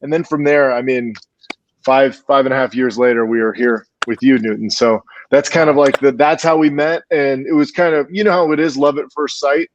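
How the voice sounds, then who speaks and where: A man, a filmmaker appearing as a guest, telling an animated, chatty story with lots of restarts. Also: medium pitch, normal speed, dull audio, noisy background. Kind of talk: storytelling in an interview.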